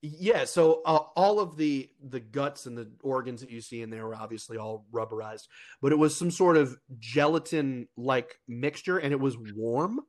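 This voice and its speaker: A man's voice: mid-range voice, moderate pace. A young man co-hosting a casual podcast, rambling with restarts and laughing often. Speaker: podcast co-host. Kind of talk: casual chat.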